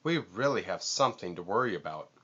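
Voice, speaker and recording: A man's voice: low-pitched, animated, fairly quick, pushed and bright, husky, muffled recording, full character voice. A man voicing an anxious male walrus in a storybook read-aloud, sighing and moaning with worry. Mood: worried.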